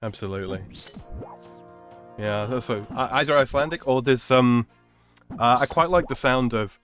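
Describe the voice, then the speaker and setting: A man hosts a relaxed game stream with a voice of ordinary pitch. He rambles through his opinions and often stops to restart a sentence. Faint music plays behind him. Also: normal speed. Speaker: streamer host. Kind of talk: casual chat while gaming.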